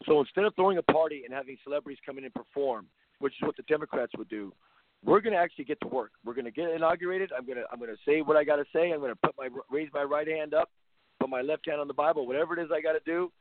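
Talking fast in a fairly high voice, a man plays a basketball coach hosting a talk show, ranting with bluntness, sarcasm and lots of repetition. It's an opinionated talk-radio rant with a dry, phone-line quality.

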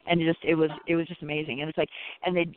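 A man's voice: fairly high pitch, level tone, rapid-fire, background noise. A man, a Reiki practitioner, chatting on a radio show in a loose, rambling way, filling his talk with "you know" and "it's like.". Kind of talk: casual radio chat. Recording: tinny phone line.

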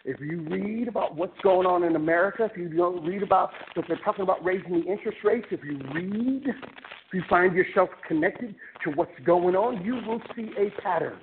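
A man giving an animated motivational talk to a university class, joking with the audience and taking questions in a lecture room. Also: sits high. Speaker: guest speaker. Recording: tinny phone-like recording with noise.

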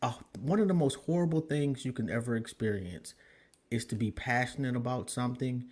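A man's voice: mid-range voice, a little fast, darkish tone. A man hosting a casual podcast interview, emphatic and exclamatory, swearing freely. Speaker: podcast host.

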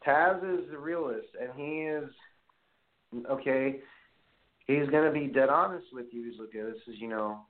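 A Brooklyn man with a New York accent hosts a casual call-in podcast interview, telling rambling, profanity-laced stories. His voice sits on the high side, with a measured pace and frequent pauses. The phone line sounds tinny, with faint noise.

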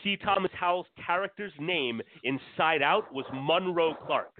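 A man's voice: a little high, normal speed, slight background noise. A man co-hosting a podcast, talking emphatically and profanely, and poking fun at himself. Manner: emphatic, profane, self-mocking. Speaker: podcast co-host. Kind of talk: casual movie chat. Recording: tinny phone-like line.

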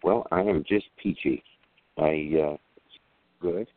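Very deep-voiced man, hesitant caller. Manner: hesitant, halting. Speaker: caller reading a poem. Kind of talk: casual chat then poetry reading. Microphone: phone line. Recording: tinny phone line.

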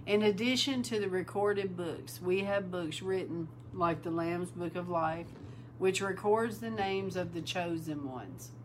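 A woman delivers an informal sermon in a fairly low voice, calling her listeners bride and hammering points home by repeating words. A faint hum runs under the recording. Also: a little slow, low-quality recording. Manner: breaks into loud exclaiming and laughter. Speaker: preacher.

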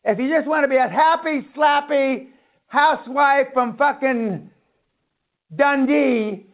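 A man's voice: very high voice, slow. A man giving a seminar talk, blunt and foul-mouthed, ranting at his audience. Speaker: seminar speaker. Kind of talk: profane motivational lecture. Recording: tinny phone-like sound.

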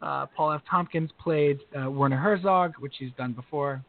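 Podcast co-host, man, high lively voice, jokey and quick to laugh, thin phone-like sound. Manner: animated, laughs often, breaks into mock British singing. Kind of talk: casual sports chat.

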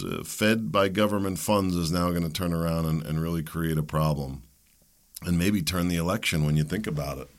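A man's voice: deep voice, gravelly, a bit bright. A man hosting a political commentary show, thinking aloud and hedging his opinions as he talks. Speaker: host.

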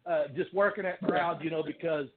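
A man telling animated wrestling stories in casual chat, laughing often. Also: on the high side, moderate pace. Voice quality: country accent. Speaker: guest, former pro wrestler. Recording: phone-like line with faint noise.

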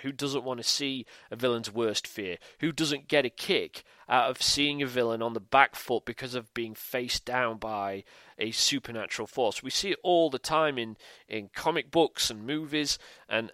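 A man's voice: mid-range voice, sharp tone, no echo. A man hosting a solo podcast, talking animatedly with rhetorical questions and frequent ums and restarts. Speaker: show host.

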